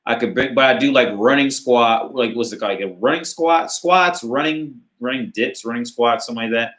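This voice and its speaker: A man's voice: mid-range voice, brisk, a bit bright, roomy sound. A man hosting a casual live Q&A on dating, reading out viewer questions and answering in a rambling, profane way full of filler words. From United States. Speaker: dating advice channel host.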